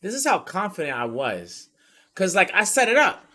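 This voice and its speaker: A male streamer hosting a casual chat, telling a story in a profane, animated way. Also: high voice, normal speed. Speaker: streamer host.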